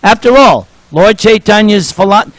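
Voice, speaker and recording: A man's voice: high voice, animated, moderate pace, no room sound, poor audio. A man in his sixties giving a sermon, joking and telling anecdotes to the congregation. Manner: jovial, joking storyteller. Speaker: speaker at a temple program.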